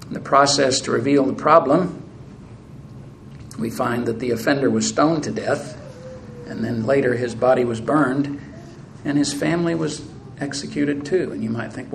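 A man's voice: mid-range voice, moderate pace, vocal fry, slight background noise, poor audio. A man preaching a sermon, earnestly reading scripture aloud and addressing the congregation as brethren. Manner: earnest, reads scripture aloud with rising intensity.

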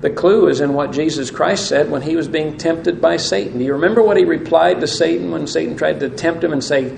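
A man's voice: fairly high pitch, fairly quick, creaky, few pauses, a little mellow. A man preaching a sermon, reading scripture aloud and asking his listeners questions. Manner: asks the audience questions, reads scripture aloud. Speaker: pastor. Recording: echoey room with faint noise.

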